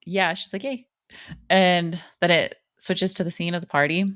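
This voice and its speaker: A woman co-hosting a podcast, chatting casually about a horror film, full of likes and ums and quickly acting out lines. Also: fairly low pitch, steady tone, a bit bright, no room sound, clean studio sound. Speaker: podcast co-host.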